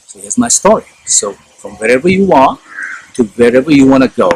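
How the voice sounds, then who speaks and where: A man's voice: medium pitch, a little fast, slight background noise, low-quality recording. A middle-aged man from India telling a personal story in a talk, acting out the dialogue. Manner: animated storyteller, acts out dialogue. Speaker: speaker.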